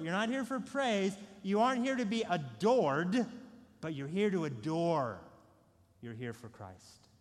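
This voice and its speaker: A male pastor preaching a sermon, dynamic, swinging between soft intimate lines and loud emphatic ones, with repeated rhetorical questions. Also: sits high. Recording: long hall reverb.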